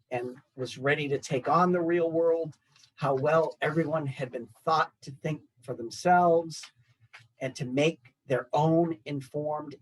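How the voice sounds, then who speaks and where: A man in his sixties who graduated from the college, giving a prepared, reflective speech to new graduates and pacing his phrases in measured lists. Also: on the high side, husky, rough recording. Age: 60s. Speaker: alumni association speaker.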